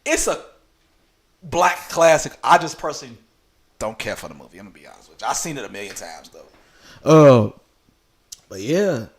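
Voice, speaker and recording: A man's voice: mid-range voice, expressive, normal speed, long pauses. A young man casually telling a crude, laughing storytime anecdote at home late at night. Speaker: vlogger.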